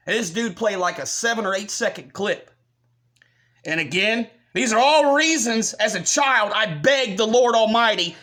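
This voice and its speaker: A man's voice: high-pitched, lively intonation, moderate pace, pushed and bright. American guy ranting on his channel, swears a lot, scornful and combative, talks straight at his viewers. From United States. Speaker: channel host. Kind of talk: ranting commentary.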